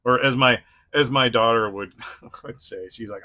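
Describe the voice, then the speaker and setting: A man's voice: mid-range voice, moderate pace, pushed and bright. A man hosting a casual toy unboxing review, rambling with frequent chuckles and restarts.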